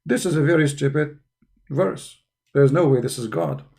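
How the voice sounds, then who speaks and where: A man hosting an online debate call, talking fast and pushing hard, breaking into Arabic recitation. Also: on the high side, gravelly, darkish tone. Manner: fast, pushy, switching between English and Arabic recitation. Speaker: debate host.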